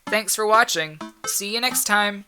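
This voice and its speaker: A woman hosting a casual let's play, reading a dating game's text aloud in a playful way, over loud game music. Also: mid-range voice, a little slow.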